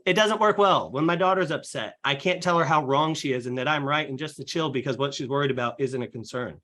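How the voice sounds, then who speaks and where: Young man explaining fast and filler-heavy. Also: fairly high pitch. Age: young adult. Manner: energetic, filler-heavy explaining with acted client quotes. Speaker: real estate agent, podcast guest. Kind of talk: casual podcast conversation.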